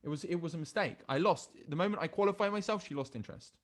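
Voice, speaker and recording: A man's voice: fairly high pitch, fast talker. A British man giving a recorded dating-coaching lesson, emphatic and repetitive as he hammers each point home. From Britain. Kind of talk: recorded coaching lesson reviewing chat messages.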